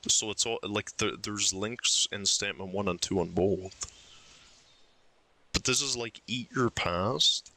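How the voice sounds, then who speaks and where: A man's voice: lowish voice, measured pace, bright, forceful tone. A young man streaming a puzzle game, thinking aloud and arguing his case insistently with himself. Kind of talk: live game commentary.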